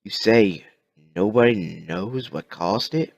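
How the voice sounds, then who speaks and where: A man's voice: fairly low pitch, slow, gravelly, a little mellow, lo-fi sound, a little hiss or hum. A man voicing a folksy, wary survivor father who talks in a casual drawl. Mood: explaining.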